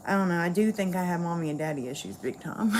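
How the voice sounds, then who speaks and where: Woman livestreamer, candid and blunt, lower-pitched voice, faint noise behind. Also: fast. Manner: candid, blunt venting with swearing. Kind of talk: casual livestream chat.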